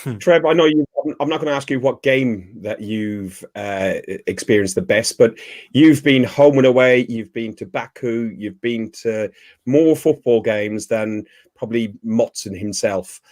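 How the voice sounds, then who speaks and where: A man's voice: mid-range voice, unhurried, a little mellow, no echo, studio quality. A man hosting a casual football podcast, putting easygoing questions to his guests. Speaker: podcast host. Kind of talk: casual chat, asking questions.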